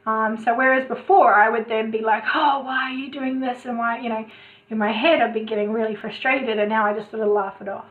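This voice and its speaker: Guest, woman, chatty with lots of restarts, slightly high, on a tinny remote call. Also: a little fast. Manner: chatty, many restarts, animated asides. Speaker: podcast guest, coach. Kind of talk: casual interview chat.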